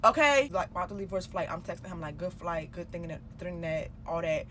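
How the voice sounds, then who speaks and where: A woman's voice: on the low side, flat delivery, quick pace, a little hiss or hum. A woman telling a personal story in a casual storytime vlog. She swears freely and acts out her own past dialogue as she goes. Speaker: storytime vlogger.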